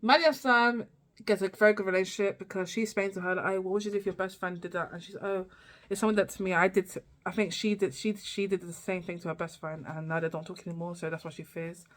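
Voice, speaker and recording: A woman's voice: medium pitch, steady tone, fast talker. A young woman vlogger recapping a TV season in a rambling, casual way, with many fillers and restarts. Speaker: TV review vlogger.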